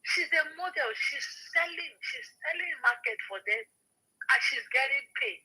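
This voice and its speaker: A woman's voice: high-pitched, animated, normal speed, sharp tone, rough recording. A woman with a Nigerian accent in an emphatic, scolding casual gossip chat, repeating herself for emphasis.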